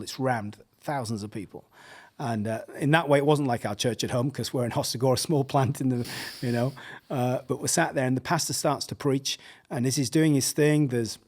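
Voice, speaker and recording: A middle-aged English man telling a story casually, animated, laughing often and acting out the voices he quotes. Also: mid-range voice, husky. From England. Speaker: podcast guest, pastor.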